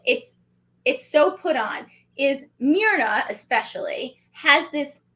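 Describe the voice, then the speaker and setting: A woman in her thirties co-hosting a casual recap show, chatty and animated with quick asides. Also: sits high. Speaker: podcast co-host.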